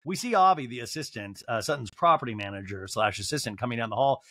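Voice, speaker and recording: A man's voice: medium pitch, animated, pushed and bright, dry recording, clean studio sound. A man hosting a podcast, giving a campy, gossipy comic recap of a reality show. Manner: campy, gossipy, quick storytelling. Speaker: podcast host.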